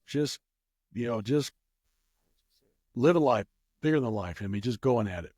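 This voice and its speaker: A man's voice: mid-range voice, darkish tone, no echo, clean studio sound. A man telling a rambling casual story as an interview guest, with many restarts. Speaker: guest, craps player.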